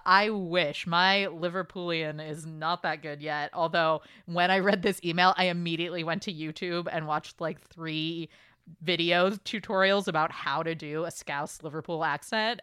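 A woman hosting a podcast, chatting casually and reading listener emails aloud with quick asides. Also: low-pitched, bright, forceful tone, clean tone, dry recording, clean studio sound. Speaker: podcast host.

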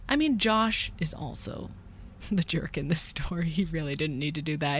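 A young woman with a slightly low voice tells a personal story as a podcast host. She sounds candid and rueful. She slips into quick whispers and loud bursts when she acts out what people said. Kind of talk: confessional storytelling.

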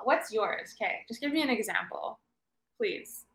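A woman's voice: a little high, expressive, fairly bright tone, slight background noise. A woman guest on a comedy podcast, hesitant and laughing a lot in casual chat. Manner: slow, hesitant, laughing often.

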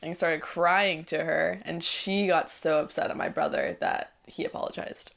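A woman in her twenties telling a personal story as a podcast guest, chatty and animated, full of fillers. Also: fairly low pitch, normal speed, vocal fry. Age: 20s. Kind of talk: casual storytelling.

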